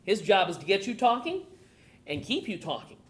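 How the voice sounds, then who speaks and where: Her voice is mid-range and her pace moderate as this woman addresses a gun owners' meeting in person. She animates the talk by playing out conversations and putting questions to the group.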